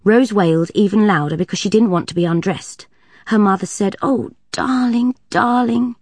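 A woman reading a children's novel aloud in a steady, even narration, her voice at an ordinary middle pitch. The recording is dry and close, with no room sound around it. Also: a little fast, no room sound. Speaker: audiobook narrator. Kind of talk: storybook reading.

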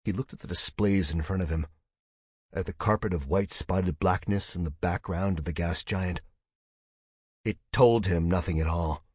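A man reading a science-fiction audiobook in a measured, steady scripted narration. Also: low voice, husky, dry recording, clean studio sound.

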